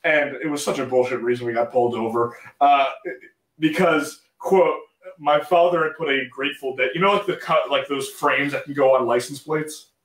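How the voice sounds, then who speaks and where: A man's voice: mid-range voice, fairly even intonation, moderate pace, a bit bright, roomy sound, far from the mic. A man from a band telling a story bluntly and casually, swearing now and then. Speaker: band member guest.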